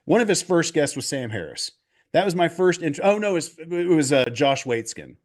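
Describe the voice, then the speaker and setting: Animated storytelling man, video call guest. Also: on the high side, fairly quick. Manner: animated, restarts and acts out quotes. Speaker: golf coach guest. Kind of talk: casual storytelling interview.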